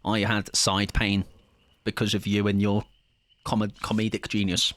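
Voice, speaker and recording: Loud, energetic young man. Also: fairly low pitch, unhurried, no echo. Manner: loud, energetic, chatty, laughs often. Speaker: livestreamer. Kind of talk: casual gaming livestream chat.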